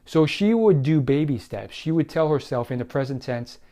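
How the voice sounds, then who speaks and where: A man's voice: fairly high pitch, animated, moderate pace, dark tone. A young man hosting a self-help video, explaining tips in a casual, conversational way with frequent fillers and restarts. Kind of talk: casual talk to camera.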